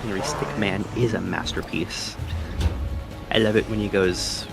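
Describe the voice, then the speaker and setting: Low-voiced young man rambling casually. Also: expressive, a little slow, creaky, loud music behind the voice. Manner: rambling, playful, mumbly aside. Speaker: host. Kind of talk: casual gameplay chat.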